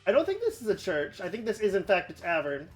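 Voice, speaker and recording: Woman streamer, casual wry game commentary, mid pitch, light music under. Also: huge pitch swings, fast talker.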